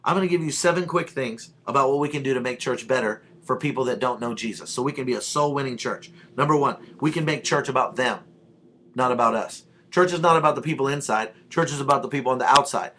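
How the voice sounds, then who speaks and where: A man's voice: mid-range voice, fast talker, a bit bright, slight background noise. A male pastor giving an informal, blunt talk about church, telling stories in a conversational way. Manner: blunt and plainspoken, with a conversational storytelling tone.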